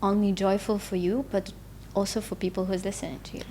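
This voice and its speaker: A woman hosts a podcast conversation, earnest and a little halting. Her pitch sits in a middle register. Her phrasing is not quite native, and she searches for words as she goes. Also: level tone, dark tone, a little hiss or hum. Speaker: podcast host. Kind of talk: interview conversation.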